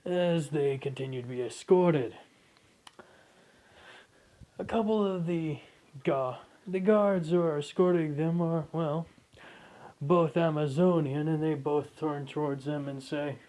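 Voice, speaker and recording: A man's voice: on the high side, slow pace, long pauses, warm tone. A man narrating an improvised fan story casually, with restarts and asides.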